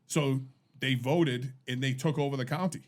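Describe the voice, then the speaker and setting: A man in a casual podcast chat, recounting a story in an animated, profane way. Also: mid-range voice, moderate pace.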